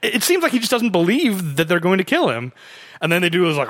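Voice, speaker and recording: A man with a high-pitched voice talks fast while co-hosting a podcast, chatting casually about a film. Relaxed and chatty, he acts out quotes, and there's no echo.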